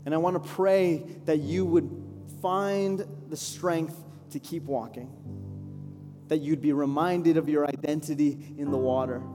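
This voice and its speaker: A pastor preaches live to his congregation in a church hall, earnest and pleading, rising to fervent declarations and then slowing to pray. His voice is a little high, and the hall's reverb carries soft instrumental worship music.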